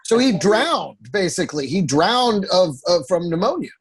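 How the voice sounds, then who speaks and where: A man's voice: sits high, sing-song, normal speed. A man co-hosting a podcast, cutting in with wisecracks in casual chat. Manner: wisecracking interjections.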